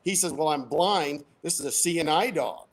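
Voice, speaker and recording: An older American man spins a long, rambling yarn as a radio guest, laughing at his own punchlines. His voice sits a bit high for a man. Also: moderate pace. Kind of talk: casual storytelling.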